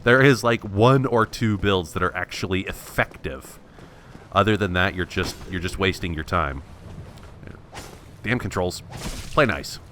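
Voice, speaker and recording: A man's voice: low-pitched, measured pace, pauses often, pushed and bright, slight background noise. A man thinking aloud in wry, self-mocking let's play commentary, restarting his sentences often. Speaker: gameplay commentator.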